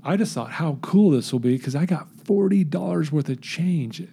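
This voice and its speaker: A man telling his recovery story in an interview, earnest and animated, acting out the voices in his story. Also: fairly high pitch, moderate pace, gravelly, husky.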